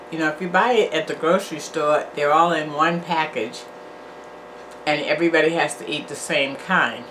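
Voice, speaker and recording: Low-voiced older woman reviewing food. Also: fairly bright tone, slight background noise. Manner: chatty and encouraging, sometimes preachy and repetitive. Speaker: channel host, food reviewer. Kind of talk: casual food review vlog.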